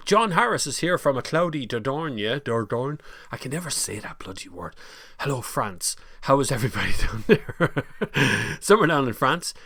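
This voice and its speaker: A man's voice: medium pitch, very animated, brisk, fairly bright tone, husky, no room sound. A middle-aged Irish man hosting a casual live stream, rambling and greeting viewers by name. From Ireland. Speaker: livestream host.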